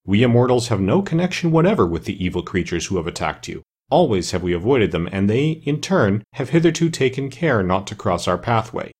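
A man with a husky voice voicing a grave, bearded immortal ruler of the forests who speaks calmly and sternly. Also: on the low side, brisk, few pauses.

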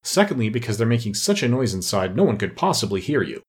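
A man voicing a stolid, frog-faced footman who speaks in a flat, solemn, unbothered way. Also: mid-range voice, quick pace, close to an everyday voice.

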